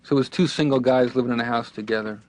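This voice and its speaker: A man's voice: mid-range voice, fairly even intonation, fast, no echo, natural voice. A man voicing a chatty young patient in a cartoon, telling jokes in a rambling stand-up delivery. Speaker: comedian patient. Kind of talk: stand-up routine.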